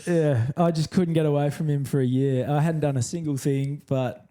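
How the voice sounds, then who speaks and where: A man tells stories with gusto on a podcast, swearing and acting out the other voices. His tone is mellow and dark, with a relaxed, warm sound. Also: fairly high pitch, moderate pace. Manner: lively, swears, acts out dialogue. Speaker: surf commentator, guest. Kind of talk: animated storytelling on a podcast. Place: podcast studio.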